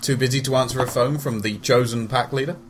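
A man in the middle of a tabletop role-playing session, wandering through his lines and correcting himself as he goes. His voice sits at a middle pitch, with faint noise beneath it. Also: steady tone, quick pace. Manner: rambling, self-correcting, jokey. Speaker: tabletop game player. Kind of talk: in-character tabletop play.

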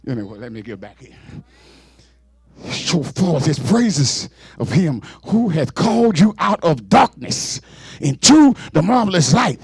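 A man preaching a fervent sermon in call-and-response style, building up to shouts. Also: a little high, very animated, a little slow, vocal fry, breathy edge, no echo.

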